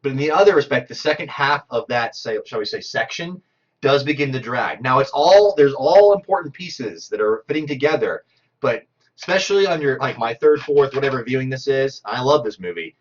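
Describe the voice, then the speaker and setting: A man co-hosts a casual film commentary and walks through the story with animated energy, dropping into quoted asides. His voice sits at an ordinary pitch, and the live stream audio sounds dull and lo-fi. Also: brisk. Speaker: podcast co-host.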